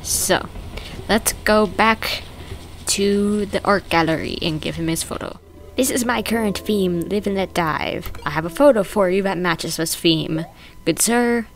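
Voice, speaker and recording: A woman with a somewhat low voice gives casual let's-play commentary. She talks in a chatty, playful way. Light game music plays behind her. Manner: chatty and playful, narrating her own moves. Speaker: gaming video host.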